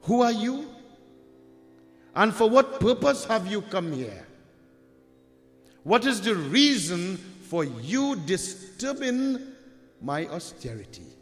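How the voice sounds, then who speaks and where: Stern ascetic god, voiced by a man, measured and reproachful; unhurried, long hall echo. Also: high-pitched, very animated, pitched above the performer's own voice, exaggerated voice. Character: male deity, stern ascetic, calm authority. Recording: reverberant hall with faint music.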